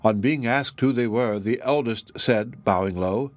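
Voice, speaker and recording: A man reading a fairy tale aloud in a measured, even storytelling manner. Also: medium pitch, no room sound. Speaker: audiobook reader. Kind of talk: scripted narration of a fairy tale.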